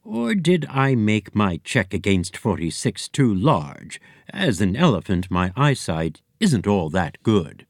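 A man's voice: on the low side, huge pitch swings, slow pace, hardly any pauses, no echo, studio quality, full character voice. A man voicing a sassy female elephant receptionist who grumbles and complains. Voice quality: huffy, complaining.

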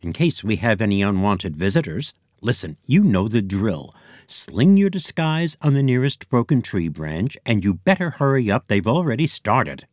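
A man's voice: fairly low pitch, very animated, moderate pace, darkish tone, no echo, clean studio sound. A man voicing a sassy female elephant receptionist who grumbles and complains. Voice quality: huffy, complaining.

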